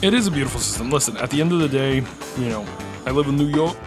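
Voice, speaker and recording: A man's voice: mid-range voice, animated, fast talker, over music. A man hosting a casual podcast, rambling through stories, laughing often and swearing freely. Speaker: podcast host. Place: New York.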